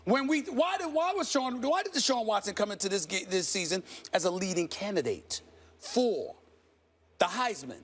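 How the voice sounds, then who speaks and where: A man's voice: high voice, sing-song, moderate pace, husky. A man with a New York accent, hosting a heated studio sports debate, emphatic and repetitive. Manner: emphatic, repeats himself, preacherly.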